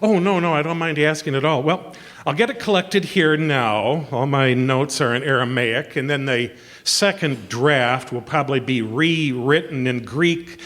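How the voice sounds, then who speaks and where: A man's voice: mid-range voice, measured pace, fairly bright tone, long reverb tail, close to an everyday voice. An actor playing a bumbling, eager reporter in a live stage comedy sketch, stammering and fumbling his words. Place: theatre stage.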